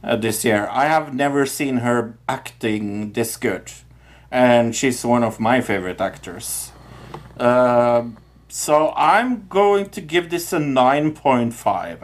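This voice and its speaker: Guy on a movie podcast, takes his time, lots of uhs, gets excited about films he loves. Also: medium pitch. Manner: halting, many "uh"s, enthusiastic about favorites. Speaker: podcast co-host, movie reviewer. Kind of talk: casual chat.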